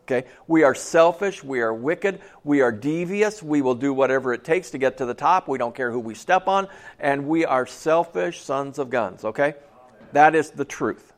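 A man preaching a sermon in a conversational way, often checking in with "okay?" and dropping to a soft low voice for asides. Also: animated, normal speed.

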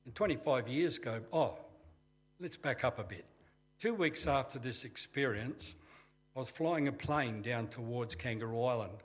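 A man's voice: mid-range voice, lively intonation, normal speed. Older Australian man, plain-spoken testimony storyteller with a dry, conversational delivery. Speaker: testimony speaker.

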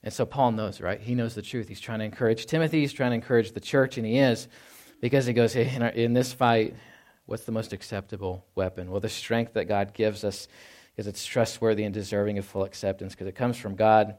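Chatty pastor from Texas, preaching. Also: male voice, steady tone, fairly quick. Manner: conversational, keeps asking "right?"; acts out quoted lines in a low, quiet voice. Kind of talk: sermon.

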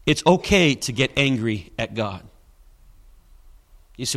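Bright, forceful preacher man. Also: mid-range voice, lively intonation, takes it slowly, long pauses. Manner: emphatic, dramatic retelling with repeated refrains. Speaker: pastor. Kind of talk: sermon storytelling.

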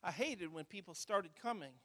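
A man preaches a sermon, telling a story to his congregation and stopping now and then to ask them questions. His voice sits high for a man. The sound rings with the long reverb of a large hall. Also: lively intonation, normal speed, a bit bright. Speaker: pastor.

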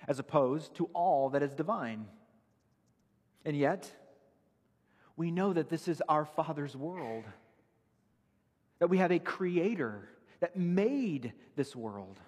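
A man's voice: a little high, animated, unhurried, husky, long reverb tail. A man preaching a sermon, earnest and emphatic, citing Bible verses as he explains them. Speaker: pastor.

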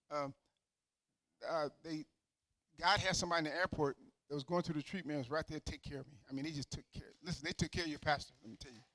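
Male pastor, slightly high voice, conversational sermon storyteller that swells to emphatic preaching, dry close sound. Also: a bit bright, dry recording, rough recording.

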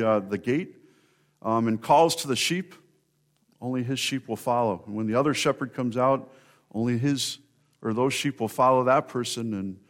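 Man preaching in a conversational, storytelling way. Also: mid-range voice. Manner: conversational storytelling, addresses congregation directly. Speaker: pastor. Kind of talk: sermon.

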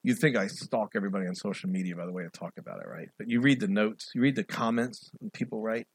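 A middle-aged male pastor preaching an animated sermon, swinging between loud, raised passages and quiet asides. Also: fairly low pitch, fast, slightly rough, dry recording.

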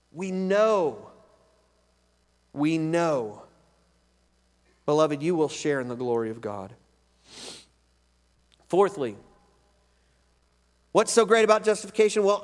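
A man's voice: on the high side, big pitch swings, slow, pauses often. A man preaching a sermon as pastor, emphatic and conversational, often repeating his points. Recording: long reverb of a large hall.

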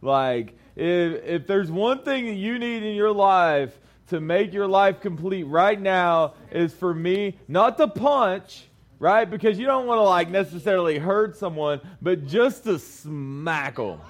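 A man's voice: high voice, expressive, unhurried. A young man giving a casual youth sermon to a small group, telling a story in a chatty way with lots of fillers.

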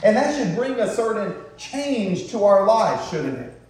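A man's voice: high-pitched, very animated, measured pace, a little mellow. A man preaching a sermon to a congregation, drawing out emphatic words and throwing in tag questions like "isn't it?". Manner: call-and-response preaching, rhetorical tag questions. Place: church sanctuary. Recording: very echoey room, voice far from mic.

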